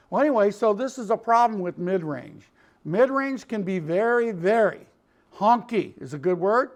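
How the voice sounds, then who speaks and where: In a recording studio, a middle-aged producer with a Chicago accent gives a folksy, hands-on demonstration of guitar tone. His high voice is animated and moves at normal speed, and he calls people "Mister."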